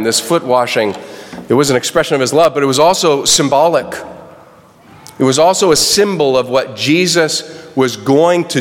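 Male preacher in a reverberant hall. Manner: animated, acts out quotes in high voices. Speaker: pastor. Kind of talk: sermon.

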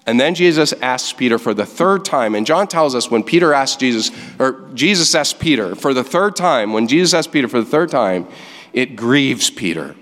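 A man preaching a sermon, reading scripture aloud and explaining it with lively emphasis. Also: on the high side, fairly quick, long reverb tail. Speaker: pastor. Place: church sanctuary.

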